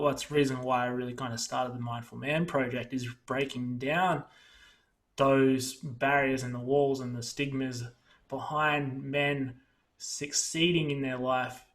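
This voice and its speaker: Man hosting a podcast, mid pitch. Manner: reflective, conversational. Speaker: podcast host. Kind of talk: casual podcast conversation.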